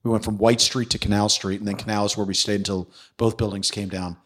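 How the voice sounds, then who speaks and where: A man's voice: lowish voice, quick pace. A middle-aged man, a former police detective, telling a story in a casual interview, acting out what people said and swearing freely. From New York City. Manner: animated storyteller who acts out quotes, swears freely.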